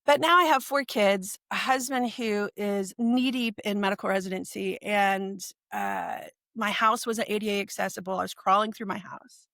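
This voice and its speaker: A woman in her forties, a podcast guest, telling her personal story in a lively way and acting out what people said. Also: mid-range voice, normal speed, no echo, studio quality. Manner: animated, acts out quoted speech.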